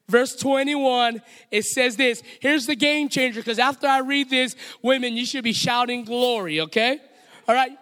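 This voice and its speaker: A man's voice: very high-pitched, pushed and bright, clear, resonant tone. A man with a Hawaiian accent preaching a sermon as pastor, playful and direct, calling on the congregation to repeat lines back to him. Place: church sanctuary. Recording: long hall reverb.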